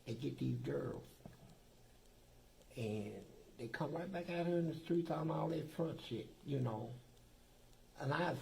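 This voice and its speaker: A man from Kentucky, appearing as an interview guest, tells profane, streetwise stories in casual talk and acts out the dialogue. His voice is on the high side, gravelly and a little mellow, and the audio is poor.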